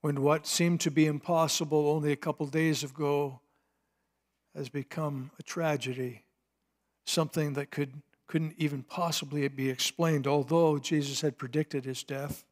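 A man preaching a sermon, retelling a scripture scene dramatically, swinging between hushed and emphatic delivery. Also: on the high side, fairly even intonation, normal speed. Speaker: pastor.

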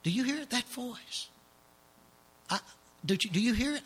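A man pastor preaching a sermon in a church service, telling a story dramatically and dropping to hushed tones for emphasis. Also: extremely high pitch, lively intonation, moderate pace, husky.

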